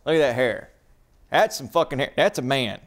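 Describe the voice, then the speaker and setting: A man's voice: medium pitch, lively intonation, moderate pace. Young man in a pompous, preachy mock rant. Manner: grandiose, preachy delivery with stumbles.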